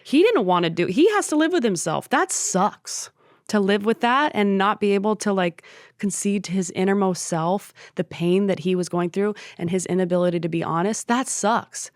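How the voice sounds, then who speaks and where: A woman sharing a candid personal story in conversation, animated and acting out her own past thoughts. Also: medium pitch, normal speed, no echo, clean studio sound. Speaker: podcast guest.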